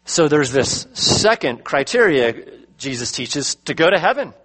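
A middle-aged man preaching a sermon, slowing down to stress his key words. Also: a little high, big pitch swings, a bit bright, low-quality recording. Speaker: pastor.

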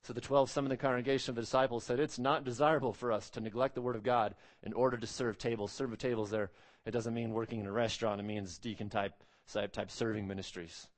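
A man's voice: mid-range voice, fairly even intonation. Earnest, emphatic male preacher. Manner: earnest, emphatic preaching with repeated phrases and drawn-out stresses. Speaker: pastor. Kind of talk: expository sermon.

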